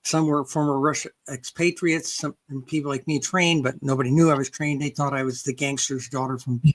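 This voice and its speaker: A woman's voice: a bass voice, fairly even intonation, brisk. An older woman guest in a casual interview, rambling with frequent restarts and "okay" checks. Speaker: guest researcher and author.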